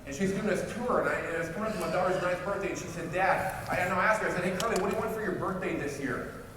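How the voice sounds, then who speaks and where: High-voiced man speaking in an echoey hall. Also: very fast, distant mic, background noise. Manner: animated, acts out both sides of a phone call, many restarts. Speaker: motivational speaker at a company event. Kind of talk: storytelling speech to a crowd. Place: large event hall.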